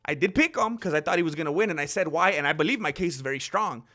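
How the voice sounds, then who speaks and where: Bright-voiced animated male commentator. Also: fairly high pitch, quick pace, soft background music. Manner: animated, rambling, acts out quotes. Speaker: host. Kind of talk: casual commentary.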